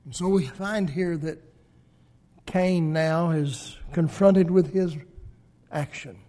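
A man preaching a sermon, swinging between loud emphatic peaks and hushed low endings. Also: slow pace.

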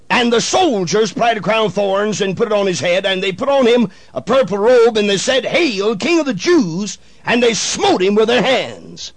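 A man preaching a radio sermon, swinging from hushed pleading to shouting, with old-fashioned prayer language. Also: sits high, dry recording.

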